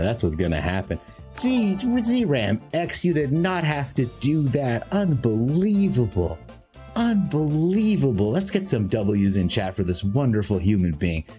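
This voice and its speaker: A man chats on his live stream in a lowish voice that leaps around in pitch. He is jokey and gushes over his viewers. Faint music plays behind him. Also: darkish tone. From Canada. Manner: effusive and jokey, gushing thanks to chat. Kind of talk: casual live-stream chat.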